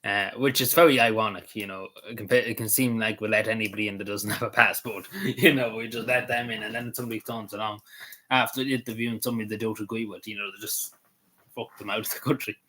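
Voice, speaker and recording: An Irish man rambles through casual vlog commentary, his voice bright and forceful in tone and sitting a little low in pitch. He wanders between thoughts, drops in swear words without a second thought and fills the gaps with ums and you-knows. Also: fairly even intonation, quick pace. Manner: meandering, swears casually, lots of fillers. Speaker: vlogger.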